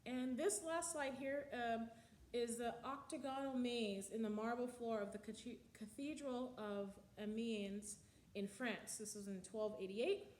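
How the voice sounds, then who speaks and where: An instructor talking through a music lecture, a woman with a slightly high voice who fills her pauses with ums and sings out rhythms to illustrate them. The room sounds echoey, with a faint hiss behind her. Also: fairly even intonation, darkish tone. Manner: explanatory, with frequent ums and sung counting of beats. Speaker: music history teacher. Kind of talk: recorded slide lecture.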